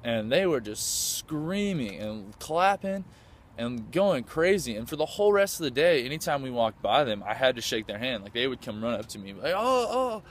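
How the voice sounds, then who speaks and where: A man's voice: medium pitch, expressive, normal speed. A man from the United States, enthusiastically recounting a trip in a rambling, casual way with lots of fillers and restarts. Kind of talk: casual storytelling.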